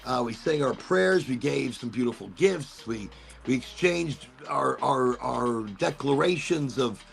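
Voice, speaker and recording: A man's voice: mid-range voice, expressive, measured pace, vocal fry. A man hosting a casual chat, rambling and swearing easily as he talks about holidays and family. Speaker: host.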